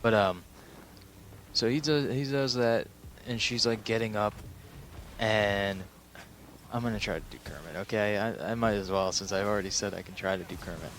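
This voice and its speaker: A man's voice: on the low side, normal speed, long pauses, fairly bright tone, slight background noise. A sleep-deprived young man recapping a film in a rambling, profane way, full of fillers. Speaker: film reviewer.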